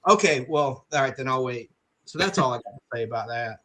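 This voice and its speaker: A man's voice: medium pitch, lively intonation, a little fast, crowd noise. A man chatting on a video call as a panel guest, telling frank personal stories with many restarts. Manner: frank storyteller, rambling with restarts. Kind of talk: casual chat.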